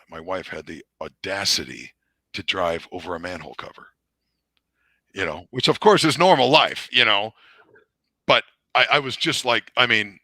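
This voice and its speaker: A middle-aged man, a retired Marine, telling stories in a rambling, animated way with many fillers. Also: fairly low pitch, dry recording, studio quality. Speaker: podcast guest, retired Marine officer. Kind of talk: casual storytelling interview.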